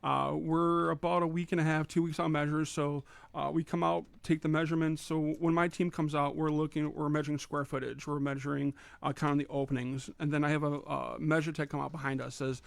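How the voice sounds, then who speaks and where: A man's voice: on the high side, little pitch movement, fairly quick, vocal fry, few pauses, no echo. A man from a cabinet company talking up his service on a radio show, with many fillers. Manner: eager, filler-heavy sales talk. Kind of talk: casual radio interview.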